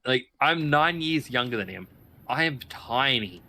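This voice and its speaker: A man with a bright, forceful voice in casual livestream chat. He tells a long story with energy and slips into quoted voices as he goes. His pitch sits in a plain middle range. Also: unhurried, a little hiss or hum. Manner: animated anecdote teller, acts out quoted voices. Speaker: stream guest.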